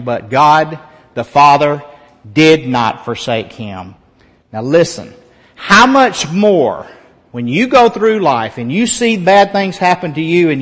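Earnest preacher man in a reverberant hall. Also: a little high. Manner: earnest, emphatic preaching with repeated phrases. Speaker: pastor. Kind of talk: sermon.

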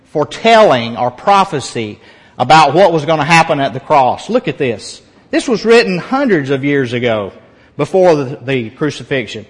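A man delivers a sermon with earnest, emphatic conviction, often repeating a phrase to press his point. His voice sits a little high for a man. The sound rings with the long reverb of a church hall. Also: slightly rough. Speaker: pastor.

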